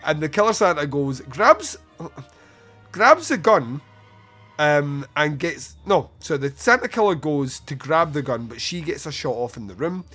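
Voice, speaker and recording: Over soft background music, a man recaps a film for his podcast scene by scene, swearing freely, laughing often, and using many fillers. His slightly high, fairly bright voice swings widely in pitch, though his pace stays measured.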